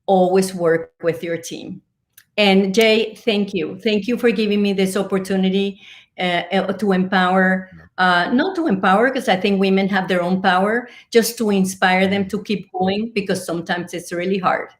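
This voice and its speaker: A woman business coach speaks as a guest in an interview, earnest and encouraging. She pauses and restarts often, filling gaps with ums. Her voice sits at a middle pitch. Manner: warm, earnest, hesitant with fillers, laughs often.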